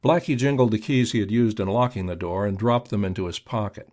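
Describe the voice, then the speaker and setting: A man reading an audiobook in a steady, measured narration. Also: on the low side.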